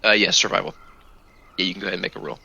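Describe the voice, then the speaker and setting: A man narrating as game master of a tabletop game, with steady descriptive narration. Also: low voice, very fast, gravelly, husky, rough recording.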